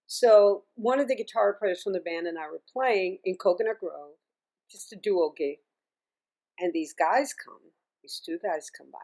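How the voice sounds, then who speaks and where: A middle-aged woman, a singer and music teacher, telling stories as an interview guest in a chatty, animated way, often laughing and restarting her sentences. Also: mid-range voice, a little slow. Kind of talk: casual interview storytelling.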